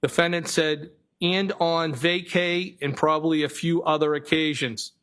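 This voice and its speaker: Man with a Boston accent reading texts haltingly. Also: on the high side. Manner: flat, halting reading with self-corrections. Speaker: trial witness. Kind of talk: reading text messages aloud on the stand.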